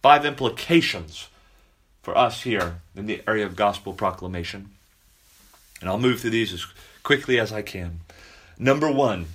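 A man, a pastor, preaching a sermon to his congregation, repeating key phrases slowly for emphasis and stopping to speak directly to the children. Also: lowish voice, expressive, fairly bright tone.

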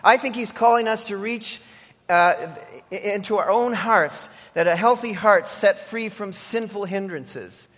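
A male pastor with a notably high voice delivers an earnest, emphatic sermon, leaning hard on the words he wants to stick. His voice rings out with a long reverb from a church sanctuary. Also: a little slow, fairly bright tone. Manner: earnest, emphatic preaching with repeated exhortations.

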